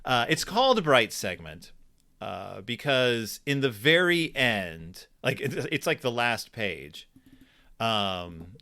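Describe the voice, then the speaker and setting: A man's voice: mid-range voice, very animated, slow, bright, forceful tone. A man co-hosting a casual book discussion podcast, thinking aloud with plenty of fillers and restarts. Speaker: podcast co-host.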